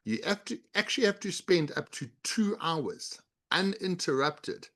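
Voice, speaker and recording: A man's voice: high-pitched, very animated, measured pace, a bit bright. A middle-aged man as an interview guest, explaining body language with instructive examples and demonstrations. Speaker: guest, body language author and leadership coach.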